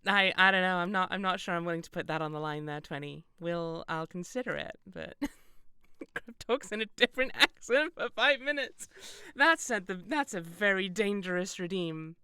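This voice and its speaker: A woman's voice: fairly low pitch, animated, moderate pace, bright, forceful tone, smooth, no echo. A young British woman streaming a game, chatting casually in a rambling, self-deprecating way with frequent laughs. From Britain. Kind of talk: casual gameplay stream chat.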